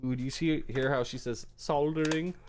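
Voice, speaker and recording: A man's voice: fairly high pitch, steady tone, normal speed, music in the background. A man hosting a live stream, chatting casually with viewers while he works. He jokes a lot and mocks his own mistakes. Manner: self-deprecating and joking, talks to chat while working. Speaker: livestream host. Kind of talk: casual live build commentary.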